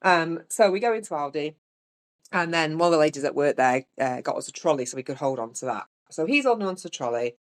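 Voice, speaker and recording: A woman with a notably low-pitched voice tells a story on her podcast. She speaks in a relaxed, chatty way and voices the people in her story. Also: fast. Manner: chatty, with lively voiced-out quotes. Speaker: podcast host. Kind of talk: casual storytelling.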